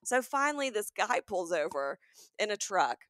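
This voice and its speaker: Forties woman, podcast co-host, chatty animated storyteller, close dry mic. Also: mid-range voice, moderate pace, no echo. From American South. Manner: animated storytelling, acting out quotes. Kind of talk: comedic casual chat.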